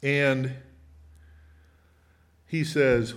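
Man leading a Bible study, mid-pitched, chatty, keeps questioning the group. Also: expressive, moderate pace. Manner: asks the group many questions. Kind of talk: conversational Bible teaching.

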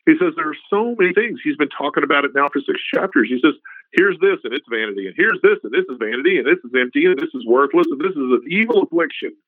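A man's voice: on the high side, expressive, fast talker, no room sound. A middle-aged man teaching a Bible passage in a casual, conversational way. He often repeats "you know" and restarts his phrases. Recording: tinny phone-like radio recording, dry.

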